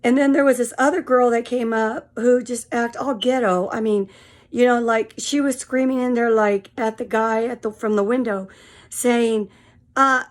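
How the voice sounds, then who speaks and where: A woman's voice: on the high side, fairly even intonation, normal speed, darkish tone. A tired woman in her fifties telling a frank, rambling story straight to camera. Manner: frank and rambling, full of fillers. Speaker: vlogger. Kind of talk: casual storytelling monologue.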